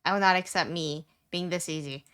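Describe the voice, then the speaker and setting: Chatting casually with viewers, this young woman streamer has a high pitch that occasionally squeaks. She rambles, repeats things, and fills gaps with plenty of filler words, speaking briskly in a smooth, slightly bright voice.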